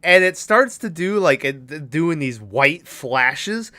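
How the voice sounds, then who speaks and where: A man with a slightly high, sharp-toned voice co-hosts a podcast, speaking slowly but with animation. He rambles casually through a movie's plot, acting out the characters' lines.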